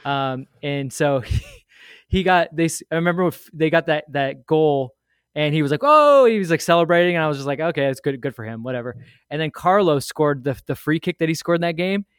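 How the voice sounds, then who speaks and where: A man casually telling an animated, rambling story full of asides, as a guest on a podcast. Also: fairly high pitch, a little fast, clean tone, no room sound, clean studio sound. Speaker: guest sharing a fan memory.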